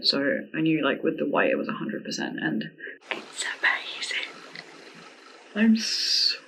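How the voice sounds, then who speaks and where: A woman vlogging a casual product review at home, gushing and excitable, with many "like" fillers and frequent giggles. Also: deep voice, normal speed, a little hiss or hum, poor audio. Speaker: beauty vlogger reviewing a wig.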